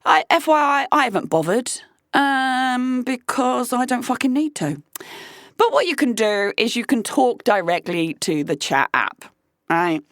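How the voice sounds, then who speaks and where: A woman hosting a candid storytelling podcast, swearing freely and laughing as she talks. Her voice is fairly high and swoops widely, with slow, drawn-out emphasis. She is close to the mic in a dry room. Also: no echo. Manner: animated, profane, laughing between lines. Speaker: podcast host.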